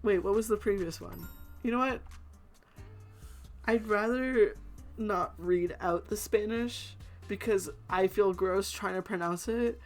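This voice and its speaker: A woman's voice: medium pitch, unhurried. Chatty woman streamer over faint music. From Canada. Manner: reads the game lines aloud, chatty asides with fillers and laughs. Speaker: streamer playing a visual novel. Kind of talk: casual let's-play reading and chat.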